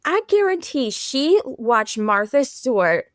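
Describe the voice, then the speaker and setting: A woman's voice: sits high, big pitch swings, slow pace, dry recording, clean studio sound. A woman co-hosting a casual podcast, talking animatedly and slipping into playful impressions. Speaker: podcast co-host.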